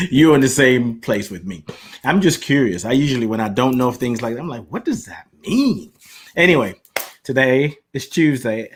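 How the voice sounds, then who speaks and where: A man hosting a reflective self-help podcast, musing aloud playfully with chuckles between slow affirmations. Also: medium pitch, lively intonation, slightly rough. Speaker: podcast host.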